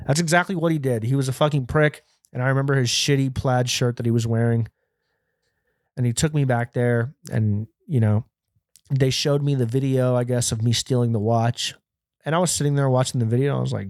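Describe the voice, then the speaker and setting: Brief: young male podcast host, profane and animated storyteller, dry close sound. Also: mid-range voice, brisk, dry recording. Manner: profane, animated, acts out quoted voices. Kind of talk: casual storytelling monologue.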